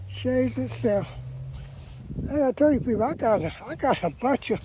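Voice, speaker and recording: A man's voice: very high-pitched, lively intonation, moderate pace, warm tone, a little hiss or hum. A man chatting folksily to viewers as he walks his vegetable garden, often calling them "people.". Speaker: gardening vlogger. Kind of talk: casual garden walkabout vlog.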